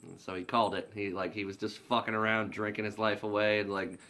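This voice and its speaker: A man's voice: fairly low pitch, level tone, brisk, pushed and bright. Rambling, foul-mouthed guy recapping a movie. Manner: rambling, profane, heavy use of "like". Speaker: movie reviewer. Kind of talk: casual spoken movie recap.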